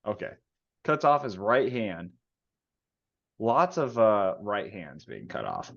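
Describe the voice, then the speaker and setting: A man's voice: lowish voice, wildly swooping pitch, slow pace, creaky. A man co-hosting a podcast, chatting casually about a book, laid-back, laughing and swearing freely. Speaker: podcast co-host. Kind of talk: casual book discussion chat. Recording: dull lo-fi recording.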